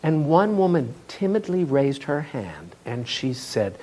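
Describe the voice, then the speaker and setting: A man telling a humorous story on stage as a live storytelling performance, in an animated way with laughs in his voice. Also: fairly high pitch, unhurried, few pauses, a loud crowd, heavy background noise. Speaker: storyteller, tour guide. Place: festival stage before an audience.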